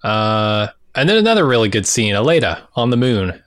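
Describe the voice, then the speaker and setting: A man co-hosting a casual podcast, recapping episode scenes from his notes in a relaxed, easygoing way. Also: lowish voice, normal speed, no room sound, clean studio sound. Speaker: podcast co-host.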